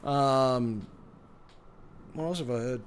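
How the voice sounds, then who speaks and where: A man's voice: medium pitch, slow, slight background noise. A man with an Australian accent chatting casually on a live game stream, swearing freely and joking at his own expense. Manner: swears freely, jokey and self-mocking.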